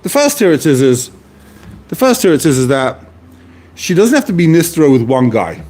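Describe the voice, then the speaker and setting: A man lecturing on a classic text in a lively, question-driven way. His voice sits a bit high and is husky, and it leaps up and down as he presses a point. He often repeats key phrases and restarts sentences as he builds an argument. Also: moderate pace. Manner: poses questions to the listener and answers them. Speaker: Talmud teacher.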